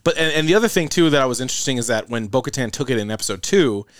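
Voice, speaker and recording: A man co-hosting a podcast in casual chat, animated and swearing freely. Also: medium pitch, racing, no room sound, clean studio sound. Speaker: podcast co-host.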